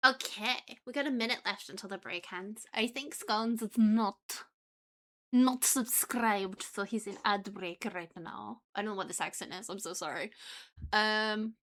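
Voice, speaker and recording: A woman's voice: mid-range voice, moderate pace, sharp tone. A young woman streamer chatting casually, scattered and full of ums, breaking off mid-sentence. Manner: chatty, scattered, lots of ums and self-interruptions. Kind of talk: casual live-stream chat.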